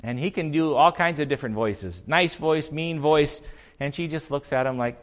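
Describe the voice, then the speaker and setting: A male pastor delivers an earnest sermon, telling stories and building toward emphatic points with rising emphasis. His voice is a little high and moves at a moderate pace.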